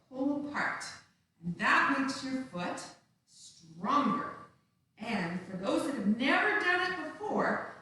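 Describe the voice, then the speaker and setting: A woman's voice: sits high, pushed and bright, slight background noise. A woman teaching a live-streamed dance lesson to small children, upbeat and coaxing. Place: room at home, some distance from the camera. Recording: very echoey room, voice from far off.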